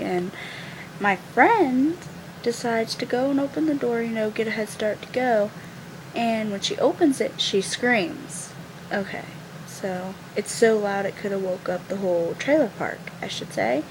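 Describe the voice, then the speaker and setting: A woman's voice: medium pitch, unhurried, noisy background. A teenage girl vlogger telling a funny story in a casual, chatty way, giggling and using lots of fillers.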